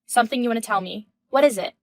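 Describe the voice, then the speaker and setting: A woman's voice: a little high, rapid-fire, no room sound, lightly acted. A woman voicing a firm, indignant wife. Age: 30s. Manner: firm, questioning, cold. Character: composed wife in her mid-thirties, indignant. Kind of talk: reading a text-message story.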